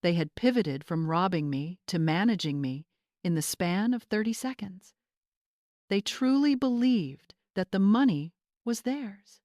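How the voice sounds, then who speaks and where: A woman telling a first-person story in a calm, deliberate scripted narration. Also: mid-range voice, no room sound, clean studio sound.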